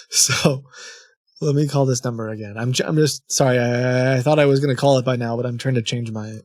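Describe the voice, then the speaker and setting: A man's voice: medium pitch, steady tone, moderate pace, pauses often, no room sound. Rambling man streamer, dry close sound. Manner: rambling, self-correcting with restarts and short laughs. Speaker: scam-baiting streamer. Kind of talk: casual rambling chat on a stream.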